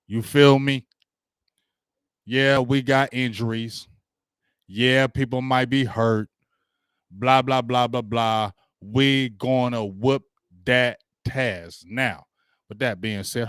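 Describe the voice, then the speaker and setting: A man's voice: medium pitch, steady tone, slow pace, clear, resonant tone, no room sound, clean studio sound. A man hosting a casual sports livestream, hyped and slangy, greeting viewers by name as they join. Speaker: sports talk livestream host.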